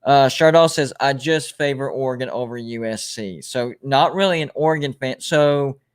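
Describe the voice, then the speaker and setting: A man runs a relaxed sports livestream at a middle pitch. He talks casually, rattles through ranked lists and reads viewer comments aloud, often stopping to restart a phrase. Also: normal speed, smooth. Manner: rambling, self-correcting, reads out ranked lists. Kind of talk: casual live-stream chat, reading viewer comments.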